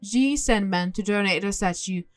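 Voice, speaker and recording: A woman's voice: medium pitch, normal speed, close to an everyday voice. A woman reading out a haughty scheming game villainess. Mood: falsely polite. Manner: reading game dialogue aloud.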